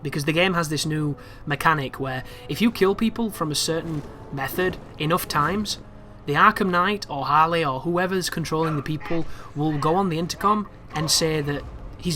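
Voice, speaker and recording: Over a faint hiss or hum, a man with a somewhat high voice offers casual walkthrough commentary on gameplay. His chatter is loose, punctuated by animated, exasperated remarks about the game.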